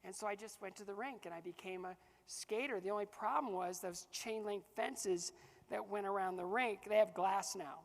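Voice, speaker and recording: Male motivational speaker, lively storyteller who laughs easily, in a big reverberant hall. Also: high voice, normal speed, creaky. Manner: animated, acts out dialogue, laughs often. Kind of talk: keynote storytelling to a live audience.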